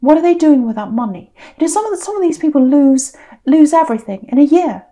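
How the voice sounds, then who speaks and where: A woman with a fairly high but mellow voice gives a casual tarot reading, thinking aloud as she goes. She often stumbles and restarts her sentences, and her soft, confiding tone keeps trailing off quieter. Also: animated, fast. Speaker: tarot reader.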